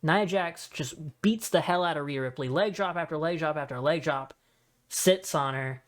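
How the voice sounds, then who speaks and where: A man hosting a podcast in a casual solo chat, talking in an excitable, rambling way with many asides. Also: on the high side, normal speed. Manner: excitable, rambling fan talk with frequent fillers and asides. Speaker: wrestling podcast host.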